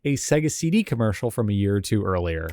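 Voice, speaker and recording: A man's voice: fairly low pitch, sing-song, quick pace, warm tone, no echo, clean studio sound, faint music behind. A man hosting a casual reaction video, thinking aloud about old game commercials with chuckles and filler words. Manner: casual and thinking aloud, with frequent "like" and "you know"; chuckles between remarks. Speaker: host. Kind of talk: reacting to and analyzing retro game ads.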